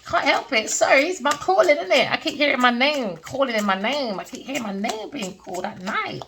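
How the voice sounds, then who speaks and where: Animated woman rambling about spirit. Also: sits high, a little fast, noisy background. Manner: rambling, blunt, swears freely; preachy, keeps asking if you understand. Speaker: tarot reader. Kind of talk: casual spiritual monologue.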